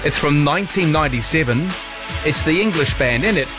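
A man's voice: a little high, expressive, fairly quick, music in the background. A man hosting a talkback radio show, chatting casually with playful, joking asides. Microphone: studio microphone.

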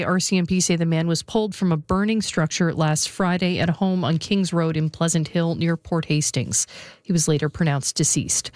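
A woman's voice: on the low side, darkish tone, no echo, clean studio sound. A woman reading a formal radio newscast as the newsreader. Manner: measured, formal delivery.

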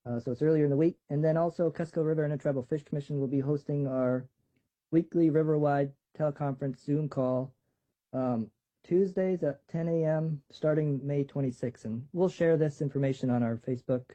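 A man's voice: a little high, steady tone, brisk, dark tone. A man from a fisheries management team giving brief, casual announcements with frequent fillers on a call. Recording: dull lo-fi call audio.

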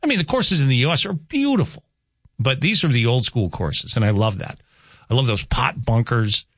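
A man hosting a radio talk show, rambling and chatty as he corrects himself mid-sentence. His voice sits at an ordinary pitch, recorded dry and close at a studio mic. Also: expressive, normal speed, a bit bright, no room sound. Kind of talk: casual radio chat with callers. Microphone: studio microphone.

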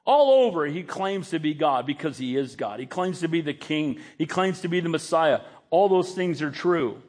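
A man's voice: fairly high pitch, animated, moderate pace, darkish tone. A male pastor preaching a sermon, emphatic and dramatic as he retells a scene.

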